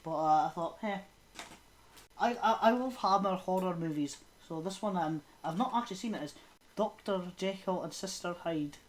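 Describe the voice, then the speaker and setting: A podcast co-host, a woman with a lowish voice, chats casually about horror films at a moderate pace. Her talk rambles along, packed with fillers and trailing laughs.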